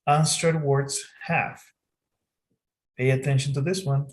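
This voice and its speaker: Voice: medium pitch, fairly even intonation, takes it slowly. An English tutor giving an online lesson with patient, guiding prompts.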